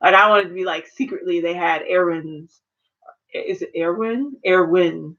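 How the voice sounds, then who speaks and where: A woman vlogger ranting casually about shows, slangy and animated, acting out her own reactions. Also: lowish voice, unhurried, muffled recording. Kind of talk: casual rant to camera.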